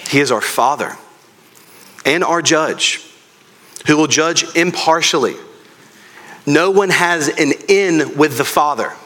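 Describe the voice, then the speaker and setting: A man's voice: fairly high pitch, slow pace, long pauses, bright, forceful tone. A man preaching a sermon as pastor, earnest and speaking directly to his congregation.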